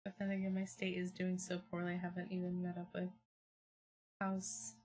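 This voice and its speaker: Speaking into a desk mic at home, a young female streamer rambles through casual, filler-laden chat at a quick pace. Her voice is slightly low, and she sometimes breaks into excitable bursts.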